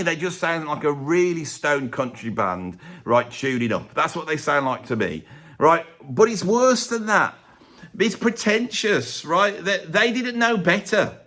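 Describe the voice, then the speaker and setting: A man's voice: high-pitched, sharp tone. A man in his fifties with an English accent, ranting sarcastically in a ranking video. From Britain. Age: 50s. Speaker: music YouTuber.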